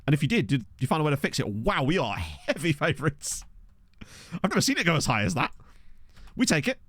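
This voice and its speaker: A man talks through his football management game on stream, reacting aloud to each surprise and chatting to his viewers. His pitch swings widely and animatedly. The sound is dry and close, with no room echo. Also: brisk, breathy edge. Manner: excitable, chatty, reacts aloud and addresses chat. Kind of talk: casual gameplay commentary. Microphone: desk microphone.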